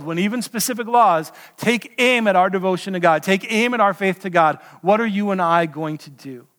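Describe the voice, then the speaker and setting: A male pastor delivering a sermon, telling the story with animated storytelling and asking listeners pointed questions. His voice sits high for a man. A long hall reverb hangs after his phrases.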